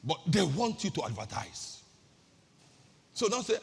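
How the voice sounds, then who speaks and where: Husky Nigerian woman preaching in a hall. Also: on the low side, sing-song, unhurried. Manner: emphatic, repeats key phrases, rhetorical questions. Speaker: pastor. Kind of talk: lively sermon-style business talk.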